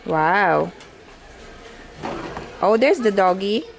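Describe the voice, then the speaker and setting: A woman showing a baby a sound book, speaking in a gentle sing-song and imitating animal noises. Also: medium pitch, animated, drawn-out words, gravelly. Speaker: caregiver playing with a baby.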